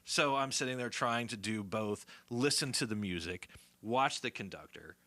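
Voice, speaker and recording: A man's voice: lowish voice, normal speed, pushed and bright, no room sound. A man who is a guest musician, talking in a casual podcast conversation and telling stories in a reflective way. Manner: reflective, storytelling.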